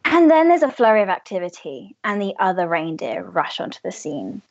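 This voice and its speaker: A woman running a tabletop game as game master, telling the story in a lively, casual way. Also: on the low side, brisk, lo-fi sound.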